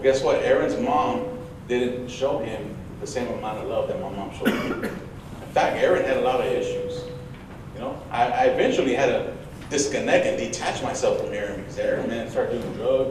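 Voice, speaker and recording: Lively male speaker in an echoey hall. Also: mid-range voice. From United States, of Mexican parents. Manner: lively storytelling, acts out his mom. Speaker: bullying prevention speaker. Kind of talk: motivational school talk with stories. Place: large echoey room before an audience. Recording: echoey room, picked up from far off, noisy.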